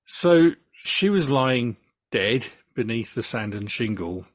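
An English man hosting a podcast, reading case notes in a true crime story with relaxed asides. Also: mid-range voice, slow, no room sound.

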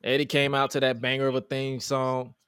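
A man's voice: mid-range voice, fairly quick, smooth, no room sound, clean studio sound. A man co-hosting a wrestling podcast, talking casually and animatedly, swearing and acting out quotes. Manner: animated, profane, acts out quotes. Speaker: podcast co-host.

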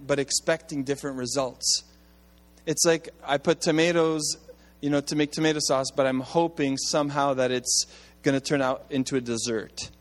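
A man preaching a sermon as pastor, conversational and animated, with asides to his congregation. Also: fairly high pitch, normal speed, long reverb tail, soft background music.

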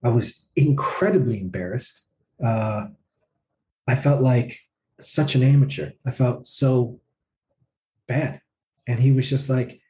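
A man's voice: medium pitch, slow pace, pauses often. A male singer in a casual interview, telling a story with animation and acting out what others said. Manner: animated, acts out others' words in quotes.

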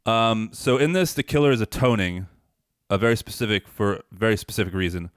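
A man with a lowish voice co-hosts a casual movie podcast. He jokes as he runs through his notes. The sound is close and dry, with no room around it. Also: a little fast, no room sound. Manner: joking, listing points from notes. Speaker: podcast co-host.

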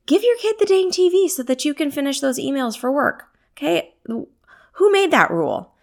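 A woman's voice: sits high, big pitch swings, normal speed, vocal fry. A woman wellness coach giving a self-help talk in a conversational way, often asking rhetorical questions and laughing easily. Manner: conversational, with frequent rhetorical questions and tag "right?"; laughs easily while speaking.

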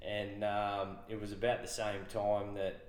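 A man's voice: on the low side, little pitch movement, measured pace. A man with an Australian accent, a podcast guest telling a rowdy workplace story in casual, swearing, laughing style. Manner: swearing, laughing anecdote teller. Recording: roomy echo.

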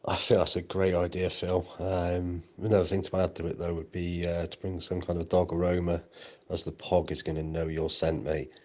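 Very deep, deadpan co-host with a slightly muffled sound. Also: male voice, moderate pace. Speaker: podcast co-host. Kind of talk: comedic banter.

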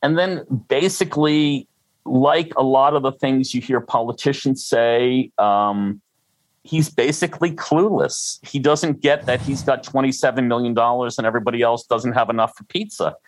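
An older freelancer as an interview guest, rambling and self-deprecating with frequent restarts. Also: male voice, mid-range voice, normal speed, no echo, low-quality recording. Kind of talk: conversational interview.

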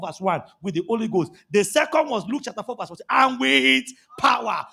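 Pastor in his 30s, high gravelly voice, fiery sermon delivery with loud bursts. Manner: preaching with shouted bursts and drawn-out emphasis.

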